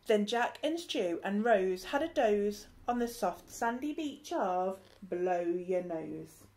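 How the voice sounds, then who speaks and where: A woman's voice: mid-range voice, lively intonation, takes it slowly, darkish tone. A woman teacher reading a rhyming picture book aloud in a sing-song, rhythmic way with playful asides. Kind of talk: expressive storybook read-aloud.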